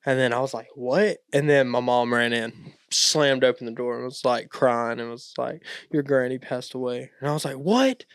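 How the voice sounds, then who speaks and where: A young man tells stories in a relaxed, rambling way, full of "like" and "um". His voice is smooth and resonant at a middle pitch. The sound is dry and close to the mic. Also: a little fast, no room sound. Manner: relaxed, rambling storyteller with many fillers. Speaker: podcast co-host. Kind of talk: casual chat.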